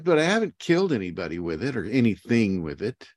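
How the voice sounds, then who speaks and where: A man's voice: lowish voice, brisk, no room sound, clean studio sound. Chuckling man teaching on a call. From United States. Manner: rambling, chuckling often, animated asides. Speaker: spiritual teacher. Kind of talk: casual teaching talk on a video call. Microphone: video call.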